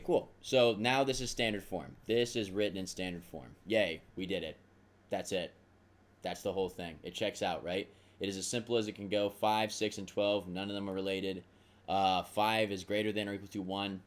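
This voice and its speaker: A man teaching a math lesson, talking through the steps aloud in a casual, self-deprecating way. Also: low-pitched. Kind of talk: recorded math lesson at a whiteboard.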